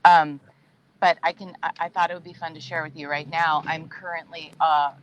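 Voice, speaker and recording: Casting note: woman, low voice, emphatic, panel chat, video call from inside a moving RV. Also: flat delivery, normal speed, rough recording. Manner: emphatic, laughing, with restarts. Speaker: actor on a panel.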